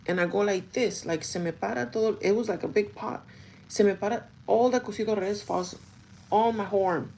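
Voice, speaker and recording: A young woman chats through a get-ready-with-me storytime, animated and unfiltered, with casual swearing. Her voice has a gravelly fry to it, and a faint hiss of background noise sits under the recording. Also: mid-range voice, low-quality recording. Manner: chatty, animated, swears freely, code-switches into Spanish quotes. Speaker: beauty vlogger. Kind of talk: casual storytime while doing makeup.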